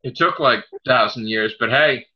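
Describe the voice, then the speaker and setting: A man's voice: medium pitch, moderate pace. A man hosting a casual podcast chat, ranting and swearing freely. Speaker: podcast host. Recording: dull lo-fi audio.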